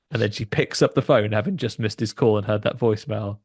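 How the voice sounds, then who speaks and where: A man on a podcast, recapping a film in a rambling, animated way with lots of restarts. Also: on the low side, brisk, breathy edge, no echo, studio quality. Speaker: podcast co-host. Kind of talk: casual chat recapping a film.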